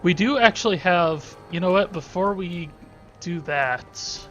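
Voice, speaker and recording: A man's voice: high-pitched, a little slow, fairly bright tone, dull audio, faint music behind. A man giving casual gameplay commentary as a let's play host, joking and irreverent, thinking aloud. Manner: joking, irreverent, talks to himself.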